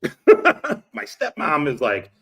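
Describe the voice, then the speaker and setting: A man's voice: mid-range voice, lively intonation, moderate pace, fairly bright tone. A man telling rambling, profane stories on a live stream, laughing often, through a laptop's built-in mic. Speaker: streamer reacting to clips. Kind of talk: casual live-stream storytelling.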